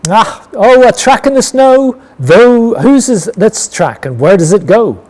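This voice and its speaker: A man's voice: fairly high pitch, wildly swooping pitch, unhurried, mellow, husky, heavily acted. A man voicing a brave, curious young monster girl in a storybook reading, eager and wondering.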